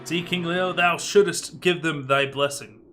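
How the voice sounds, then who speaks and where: A man's voice: on the high side, steady tone, measured pace, a bit bright, soft background music. A man playing a stern pompous king. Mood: commanding. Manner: archaic, commanding theatrical speech. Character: stern, pompous old king in a stage play.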